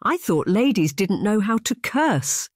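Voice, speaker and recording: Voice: medium pitch, big pitch swings, unhurried, dry recording, clean studio sound, voice pushed up. An audiobook narrator voicing a hesitant, plain-spoken male stable groom. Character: nervous sensible young male stable groom.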